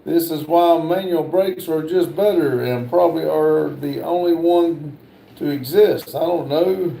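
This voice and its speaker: Slow-talking livestream host in a roomy space. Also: male voice, a little high, vocal fry, warm tone, a little hiss or hum. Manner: slow, halting, lots of "uh" fillers. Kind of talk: casual livestream chat, reading viewer comments aloud.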